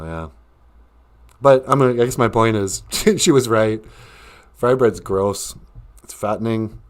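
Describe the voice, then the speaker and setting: A man with a Minnesota accent, hosting a live stream in a casual, joking monologue, mocking people with put-on voices. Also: on the low side.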